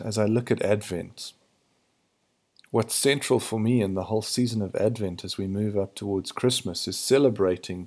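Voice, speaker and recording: A man hosting a podcast, thinking aloud in a hesitant, searching way, his voice hoarse and gravelly in the early morning. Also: on the low side, darkish tone. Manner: searching, hesitant, restarts to find words. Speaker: podcast host. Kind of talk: reflective spiritual monologue.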